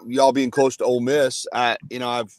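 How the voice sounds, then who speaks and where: A man's voice: mid-range voice, flat delivery, a little fast, no echo. Earnest man, dry close sound. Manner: earnest, filler-heavy analysis. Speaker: guest analyst. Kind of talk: casual sports talk.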